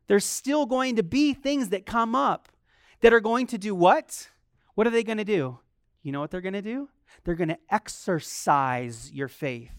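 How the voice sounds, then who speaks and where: A preacher delivering a sermon in a lively way, firing rhetorical questions at the congregation. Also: mid-range voice, moderate pace, no echo, studio quality. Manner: acts out quoted complaints in a softer voice.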